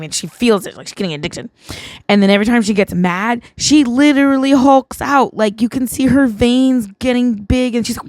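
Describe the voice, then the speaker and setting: A woman's voice: medium pitch, brisk, no room sound. A woman hosting a vlog, tipsy and rambling through a casual film recap, leaning on "like" again and again. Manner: rambling, heavy use of "like". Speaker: vlog host.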